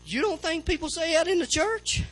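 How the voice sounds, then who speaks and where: A man's voice: very high voice, expressive, normal speed, a bit bright, low-quality recording. A man preaching a sermon as pastor, fervent, repeating phrases and calling out to the church for amens.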